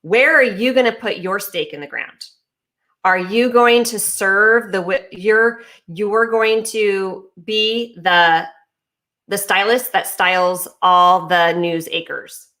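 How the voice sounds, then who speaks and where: In a mid-range voice that's slow, pushed and bright, with fairly even intonation, a woman coaches as a business mentor. Her motivational talk is emphatic, with repetitions, restarts and fillers, and briefly she speaks with ice in her mouth.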